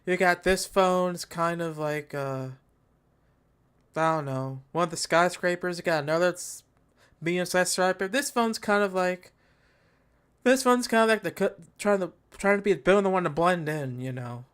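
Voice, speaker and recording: A man's voice: high voice, normal speed, a bit bright, clear, resonant tone. A man hosting a tech channel, giving live commentary on a product event in a casual, slangy, joking rant and talking to his chat. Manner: ranting, joking, exaggerated mockery.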